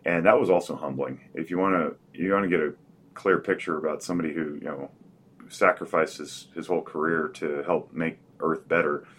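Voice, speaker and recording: A man with a very low, deep voice hosts a podcast. He talks casually and rambles, restarting his sentences and filling pauses with "uh". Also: steady tone, fairly bright tone, slightly rough. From Northern Nevada. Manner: rambling, self-correcting, with many fillers. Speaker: podcast host.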